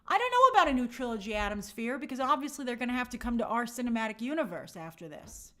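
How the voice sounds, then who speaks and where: Female live-stream host, slightly high pitch, casual and conversational, thinks aloud with fillers. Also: very animated, quick pace, a bit bright. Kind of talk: live-stream chat reading viewer comments.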